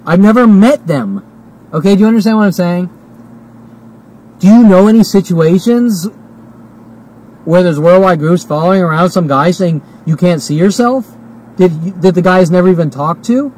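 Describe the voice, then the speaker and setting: A man's voice: sits high, expressive, moderate pace, long pauses, darkish tone, breathy edge, low-quality recording. A man in his forties ranting to camera in a heated, repetitive monologue, swearing often and hiccuping and burping as he talks. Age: 40s. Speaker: vlogger.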